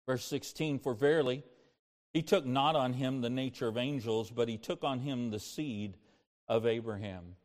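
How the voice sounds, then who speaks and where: An older man preaching a sermon as pastor, moving between impassioned preaching and soft, personal storytelling. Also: medium pitch, normal speed, big-room sound.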